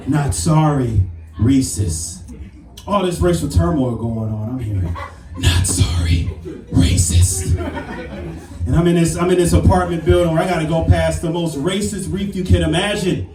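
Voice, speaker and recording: A man in his thirties doing a brash, animated stand-up comedy set on a club stage. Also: a little high, fast talker, noisy background. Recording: roomy club sound from a distance. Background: audience laughter.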